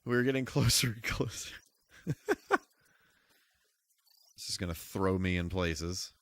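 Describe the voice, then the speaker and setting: A man's voice: low voice, takes it slowly, fairly bright tone, no room sound. A man giving live commentary while playing a game, breaking into goofy exclamations and mock-formal asides. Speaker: streamer.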